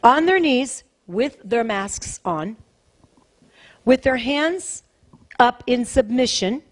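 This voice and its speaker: A woman's voice: sits high, takes it slowly, pauses often. A woman pastor preaching a sermon in a conversational, emphatic way, repeating phrases for weight.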